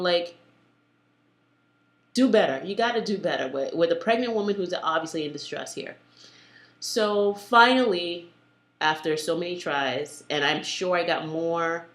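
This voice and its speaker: Young woman, candid birth story, bright forceful voice, blunt and animated, echoey room. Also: lowish voice. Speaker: vlogger telling her birth story. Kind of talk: emotional personal storytelling.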